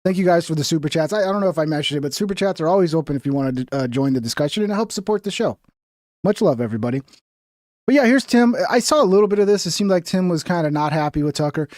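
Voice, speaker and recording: A man's voice: a little high, rapid-fire, darkish tone, dry recording, studio quality. A man hosting a livestream, reacting to video clips in a casual, mocking way and swearing freely. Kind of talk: casual profane reaction commentary.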